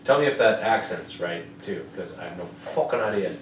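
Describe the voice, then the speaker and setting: Profane, excitable man recapping fights. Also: sits low, a little fast. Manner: profane, excitable, keeps asking "you know what I mean". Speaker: podcast host. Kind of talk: casual MMA fight recap. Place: home room with air conditioner. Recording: roomy, distant mic, faint noise.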